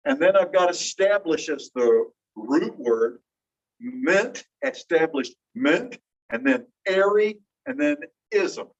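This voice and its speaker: Man, teacher, classroom lecture, quizzes students, slightly high voice, distant, muffled phone recording. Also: gravelly. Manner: explains step by step, quizzes students. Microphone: phone across the room.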